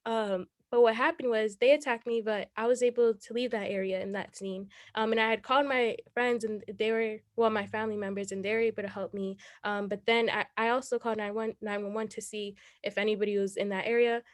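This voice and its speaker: A woman's voice: mid-range voice, steady tone, brisk, few pauses, no room sound, clean studio sound. An eighteen-year-old woman, a city council candidate answering interview questions earnestly, rambling and laughing often.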